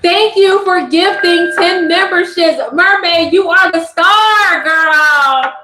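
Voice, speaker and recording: A woman hosting a casual spiritual livestream, talking in an expressive, chatty way to her viewers. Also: very high-pitched, roomy sound, background noise. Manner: expressive, chatty, drawn-out delivery.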